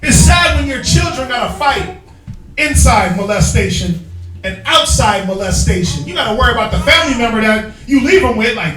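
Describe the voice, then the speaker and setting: A man teaching from the Bible in an emphatic, slangy street style, prodding his reader with quick call-and-response. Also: extremely high pitch, lively intonation, fairly bright tone. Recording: echoey room, distant mic, faint music.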